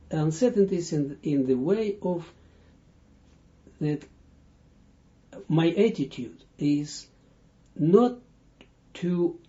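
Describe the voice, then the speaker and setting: Guy teaching, slow and halting, really dark mellow voice, dull lo-fi audio. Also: on the high side. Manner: halting, searching for words with many restarts. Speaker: Kabbalah teacher. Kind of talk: unscripted audio lesson.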